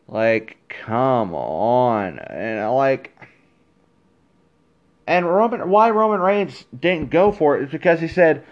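A man in the middle of a casual fan rant, excitable and exasperated, stumbling over fillers and restarting his sentences. His voice sits at an ordinary middle pitch. It comes through a dull, lo-fi phone recording. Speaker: wrestling fan commentator.

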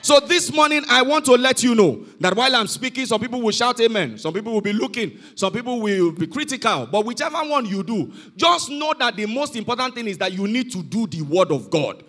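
A man's voice: high voice, sing-song, fairly quick, few pauses, a bit bright. A man preaching a sermon to a youth conference, emphatic and repeating his calls to the congregation. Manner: emphatic, repeats "you are not hearing me". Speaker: pastor. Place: church hall.

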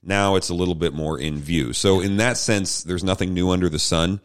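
A man with a low voice hosting a relaxed Bible talk show. He moves the conversation along and drops dry, wry jokes along the way. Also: a little fast, clean tone. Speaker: podcast co-host. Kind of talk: casual Bible discussion chat.

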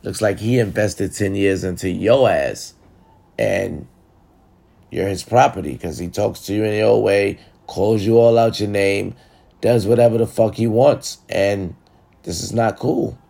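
A man's voice: on the low side, a little slow, creaky, warm tone. A man talking to viewers in a blunt, profane, casual monologue, giving relationship advice. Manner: blunt, profane and talkative, addressing viewers directly.

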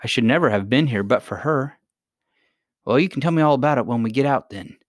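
A man's voice: mid-range voice, animated, brisk, no echo, studio quality, lightly acted. A man voicing a brave, determined young princess girl with an eager tone in a storybook reading. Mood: earnest. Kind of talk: audiobook character voice.

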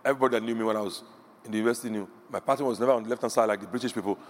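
A man's voice: on the low side, fairly even intonation, rapid-fire. A middle-aged man preaching a sermon, telling stories with animation and acting out the voices he quotes. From Nigeria. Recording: echoey hall, faint background hum.

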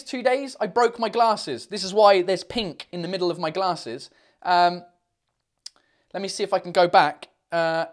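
Man hosting a casual live chat; rambling, sweary, self-mocking, reads comments aloud. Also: sits high. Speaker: livestream host.

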